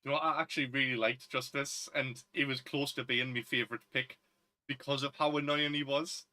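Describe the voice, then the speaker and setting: A man's voice: medium pitch, fairly even intonation, fairly quick, pushed and bright. A man, co-hosting a casual film chat in a chatty, opinionated way. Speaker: podcast co-host.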